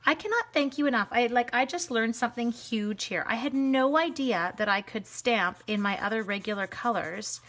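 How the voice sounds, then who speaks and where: A woman hosting a live craft stream, chatting to viewers as she colors, quick to gush and laugh. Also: fairly high pitch. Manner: chatty, excitable, talks to viewers while coloring.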